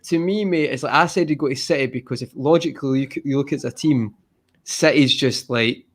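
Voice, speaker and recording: A man hosting a casual football podcast, animated and emphatic, calling everyone mate. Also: medium pitch, fairly quick. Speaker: podcast host.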